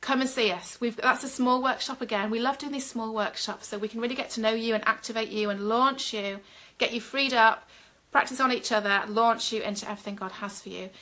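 Middle-aged woman minister, fervent, chatty live-stream preacher; a high, bright voice. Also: fairly even intonation, brisk, hardly any pauses. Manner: fervent, talks directly to viewers with filler ums.

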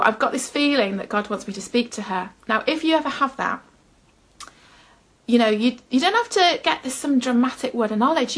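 A woman's voice: fairly high pitch, fairly bright tone. A woman giving a personal testimony in an earnest storytelling manner, often laughing at herself. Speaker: Christian speaker.

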